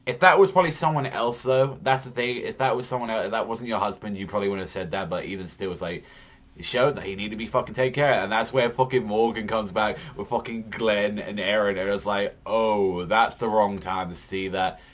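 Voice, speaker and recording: A man's voice: lowish voice, quick pace. A young man casually reviewing a TV episode on his vlog, swearing constantly and rambling with heated opinions and lots of fillers. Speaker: TV show reviewer.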